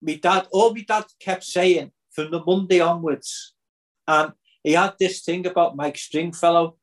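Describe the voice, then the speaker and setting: An older man with a Liverpool accent, hosting a podcast and telling a story in an animated, chatty way. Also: on the high side, a little slow. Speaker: podcast host. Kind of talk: casual chat, storytelling.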